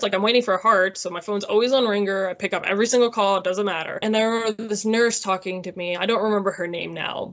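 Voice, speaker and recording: A woman's voice: medium pitch, fairly bright tone. Chatty woman in her thirties, dull audio. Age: 30s. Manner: chatty, many "like" fillers, laughs often. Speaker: interviewee. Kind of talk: casual personal storytelling.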